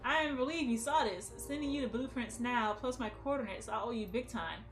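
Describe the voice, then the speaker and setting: A woman's voice: a little high, fairly quick, over music, lightly acted. A woman voicing a man trapped in a pipe who urgently pleads for help, reading game dialogue aloud. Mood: relieved.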